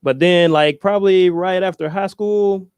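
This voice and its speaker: A man's voice: high-pitched, steady tone, moderate pace, a little mellow, smooth, no room sound. A man chatting casually as a guest, laid-back and rambling, with plenty of fillers. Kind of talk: casual chat.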